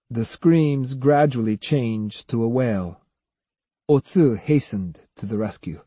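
A man narrating an audiobook in an expressive manner, acting out each character. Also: medium pitch, takes it slowly, slightly rough, dry recording. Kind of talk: scripted narration.

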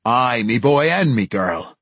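A man voicing a gruff old male dwarf warrior with a thick brogue, in a storybook reading. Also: medium pitch, lively intonation, a little slow, a bit bright, no room sound.

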